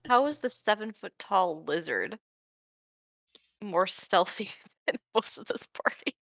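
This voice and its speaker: A woman's voice: medium pitch, animated, measured pace, a bit bright, no room sound, dull audio. A woman playing in a tabletop game, teasing the others with a laugh. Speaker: player. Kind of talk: casual chat in a tabletop game.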